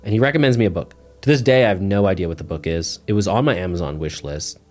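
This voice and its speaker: A man's voice: low voice, quick pace. A man sharing a personal testimony as a guest in a casual, rambling way, full of "like" fillers. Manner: relaxed, rambling, heavy use of "like" fillers. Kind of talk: casual storytelling interview.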